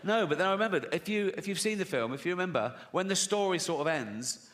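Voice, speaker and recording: A man's voice: sits high, animated, fast talker, fairly bright tone. A man doing crude, sardonic stand-up comedy on a live stage, often breaking into laughter. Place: live stage before an audience.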